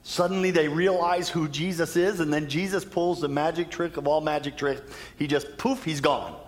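Male pastor, animated storyteller, slightly high voice, long church reverb. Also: moderate pace. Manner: storytelling, animated, shifts pace for emphasis. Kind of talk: sermon.

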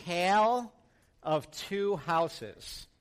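A male pastor with a high-pitched voice preaches in a loose, chatty way. He jokes and throws questions out to the congregation. He is heard preaching to a church. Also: lively intonation, extremely slow, smooth. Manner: conversational and joking, questions the congregation. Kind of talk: sermon.

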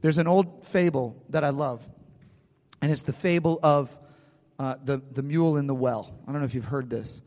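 A man's voice: mid-range voice, normal speed, darkish tone, long reverb tail. A man preaching a sermon in a conversational way, often restarting phrases and checking in with his listeners. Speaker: pastor.

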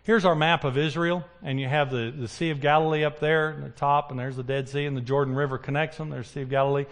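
A man's voice: fairly high pitch, fast. A man preaching a sermon. He keeps putting questions to the congregation and answering them himself. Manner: animated, asks the congregation questions.

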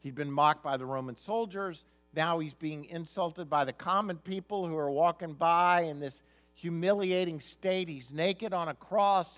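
A man preaching a sermon with a voice pitched a bit high for a man. He reads scripture aloud, then explains it in a plain, emphatic, conversational way. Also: measured pace, fairly bright tone, soft background music. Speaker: pastor.

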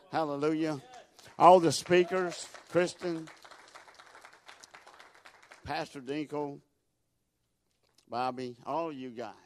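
A man preaching a sermon as a guest speaker, telling folksy stories, repeating words and building to loud emphatic peaks. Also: on the high side, no echo.

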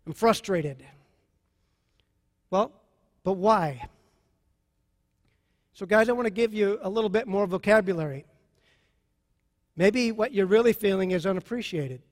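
High-voiced preacher in a big echoing hall. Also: male voice. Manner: emphatic, repeats key phrases slowly. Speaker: pastor. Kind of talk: sermon on marriage. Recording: long hall reverb.

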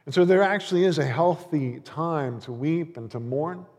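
Pastor preaching in a reverberant hall. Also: male voice, a little high, moderate pace, a little mellow. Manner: earnest, conversational with frequent fillers and restarts. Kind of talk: sermon. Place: church. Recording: long reverb of a church hall.

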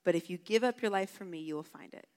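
A woman's voice: fairly low pitch, fast talker, a little mellow, clean tone. Brief: woman camp speaker, casual chatty sermon, long hall reverb. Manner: casual, chatty, heavy use of "like". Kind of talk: storytelling sermon.

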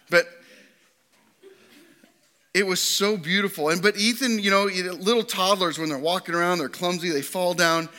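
Guy preaching, high bright voice, gets fired up then goes soft and gentle. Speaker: pastor. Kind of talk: sermon.

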